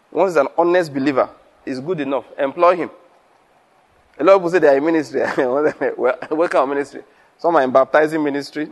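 A man preaching to fellow pastors, telling stories and acting out conversations, laughing often. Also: on the high side. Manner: lively storytelling, acts out dialogue, laughs often.

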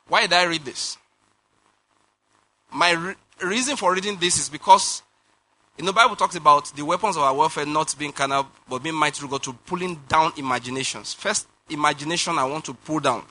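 A man preaching a sermon, animated, laughing and firing rhetorical questions at the congregation. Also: fairly high pitch, fairly quick. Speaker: pastor.

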